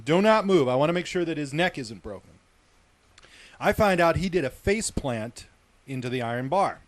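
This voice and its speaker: A man's voice: on the high side, expressive, moderate pace. A middle-aged man telling a gross work story on a radio talk show, chatty and laughing, swearing freely. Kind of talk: casual storytelling banter.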